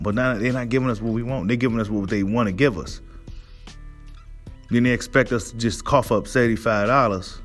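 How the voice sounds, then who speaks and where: A man's voice: fairly low pitch, moderate pace, faint music behind. A man hosting a boxing monologue, ranting in a heated, profane way and asking his audience "right?" again and again. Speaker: boxing commentary host. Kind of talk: casual rant monologue.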